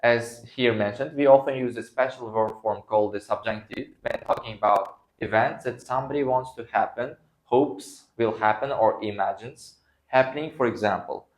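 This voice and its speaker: A man's voice: mid-range voice, normal speed. A man whose first language is Uzbek, teaching an English grammar lesson to a class and acting out example sentences. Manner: acts out example sentences, non-native phrasing.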